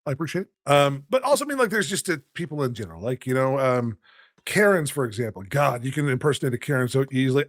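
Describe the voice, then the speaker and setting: A man's voice: mid-range voice, expressive, quick pace, dry recording, studio quality. A man with a smoker's voice, chatting animatedly as a guest on a podcast. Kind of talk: casual podcast chat.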